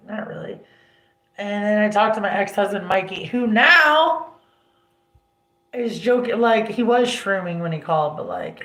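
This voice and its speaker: A woman's voice: fairly low pitch, fairly bright tone, reverberant. A young woman hosting a casual livestream, telling family stories bluntly, with heavy swearing and many "like" fillers. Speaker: livestream host.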